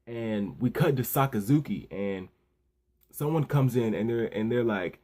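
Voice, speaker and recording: A man talks through a comic chapter recap in a loose, rambling way, full of restarts and quick asides. His tone is dark and mellow, with a husky edge to the voice. The energy stays excited as he hosts his own channel. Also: mid-range voice. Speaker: manga review channel host. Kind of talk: casual recap vlog.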